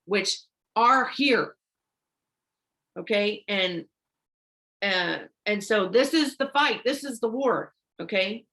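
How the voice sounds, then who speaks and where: A woman gives an informal online sermon, reads scripture, and urges listeners on with "okay?" and "y'all", stumbling and restarting when she rushes. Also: medium pitch, animated, a bit bright. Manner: urgent and exhortative, repeats herself, frequent "okay?" and "y'all". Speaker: online preacher.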